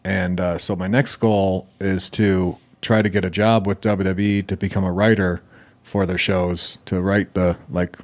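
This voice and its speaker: A man's voice: sits low, level tone, measured pace. A young man, a podcast guest, talking casually with frequent fillers and restarts. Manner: hesitant, many fillers and restarts. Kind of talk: casual chat.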